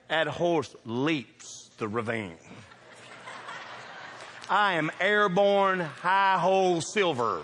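A man preaching a sermon, telling funny stories with animated shouts and laughter. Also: fairly high pitch, normal speed. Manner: animated, shouting bursts, laughing through punchlines. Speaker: pastor. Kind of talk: humorous storytelling sermon. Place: church sanctuary. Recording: reverberant church hall.

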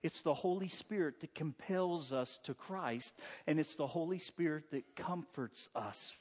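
A man's voice: a little high, measured pace, long reverb tail. A male pastor preaching a sermon in a church, conversational and joking with the congregation. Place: church sanctuary.

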